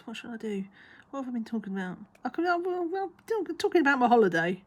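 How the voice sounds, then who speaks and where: Husky woman mumbling while crafting. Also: fairly high pitch, expressive, quick pace, hardly any pauses. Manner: mumbling, half-whispered, talks to herself. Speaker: crafting vlogger. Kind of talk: casual chat while crafting.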